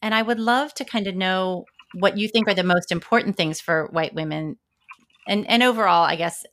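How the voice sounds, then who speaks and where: A woman's voice: medium pitch, moderate pace, fairly bright tone. A woman hosting a conversational interview, asking questions and encouraging her guest. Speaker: podcast host.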